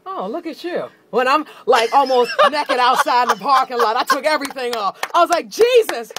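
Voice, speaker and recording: A woman's voice: high-pitched, animated, brisk. A woman co-hosting live radio, out of breath, rattled and laughing dramatically. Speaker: radio co-host. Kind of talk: excited live radio talk. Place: radio station building. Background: crowd and noise.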